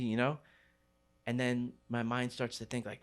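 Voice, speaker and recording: A man's voice: mid-range voice, steady tone, moderate pace. A middle-aged man telling a story casually in loose street slang, full of "like" and "you know.". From New York City. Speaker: guest.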